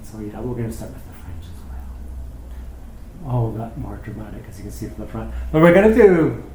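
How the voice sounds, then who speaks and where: Male hairdresser, quick and chatty, lively storyteller, recorded in a roomy salon with echo. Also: fairly low pitch, noisy background. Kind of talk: casual chat while cutting hair. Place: hair salon, indoors.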